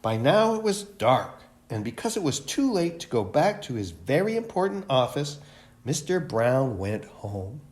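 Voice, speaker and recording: A man, a library director, reading a picture book aloud for a children's storytime in an expressive way. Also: on the high side, normal speed, hardly any pauses.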